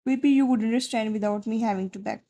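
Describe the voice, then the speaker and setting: A woman voicing a heartbroken young wife who speaks softly and pleads in a wounded way, in a fan fiction story. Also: on the high side, quick pace, lightly acted. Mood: hurt.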